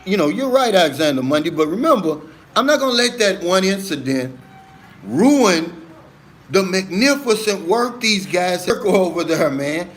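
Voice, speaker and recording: A man's voice: high voice, lively intonation, normal speed, a bit bright. A middle-aged man hosting a casual live stream, reading viewer comments aloud and answering them in an earnest, emphatic way, often calling viewers "man" and "brother".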